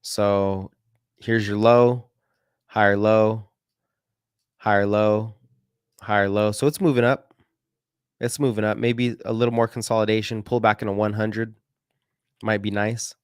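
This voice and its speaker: A man's voice: on the low side, little pitch movement, unhurried, pauses often, smooth, no room sound, clean studio sound. A man hosting casual market commentary, rambling and correcting himself as he goes through stock charts with slangy asides. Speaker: market analysis host.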